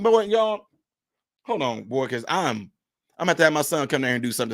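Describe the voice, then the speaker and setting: In clean studio sound with no echo, a man who is a minister delivers preachy livestream commentary. His somewhat high, slightly bright voice keeps an emphatic, repetitive cadence.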